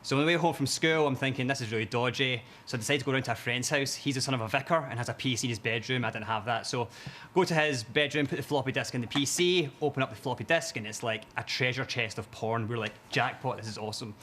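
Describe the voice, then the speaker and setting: A man from Glasgow, telling a story to a TV studio audience in a brisk deadpan way. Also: medium pitch, a little hiss or hum. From Glasgow, Scotland. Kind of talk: anecdote told to a TV audience.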